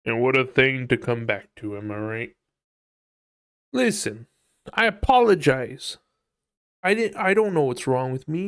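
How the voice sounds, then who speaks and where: A man's voice: medium pitch, very animated, a little slow, pauses often, fairly bright tone, clean tone. A man live-streaming while he sculpts, chatting casually and joking in a profane, mock-aggressive way.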